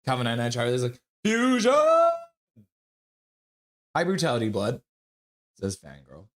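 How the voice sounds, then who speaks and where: A man's voice: medium pitch, big pitch swings, a little fast. A man hosting a casual live stream, reading viewer comments aloud and greeting people by name, sniffly with a runny nose. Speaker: livestream host.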